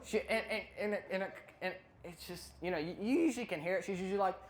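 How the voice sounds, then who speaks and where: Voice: mid-range voice, fast, noisy background. Rambling stand-up comedian. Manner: rambling, loses place and self-interrupts.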